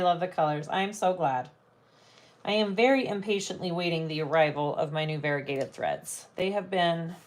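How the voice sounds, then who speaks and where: A woman hosting a live sewing stream, thinking aloud as she works and chatting with viewers. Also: mid-range voice. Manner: thinks aloud while working, chats with viewers. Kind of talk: casual live sewing chat.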